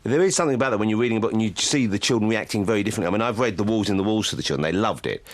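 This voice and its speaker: A man's voice: on the low side, racing, dry recording. A man hosting a radio interview, chatty and teasing, joking with his guest in a studio. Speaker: radio host.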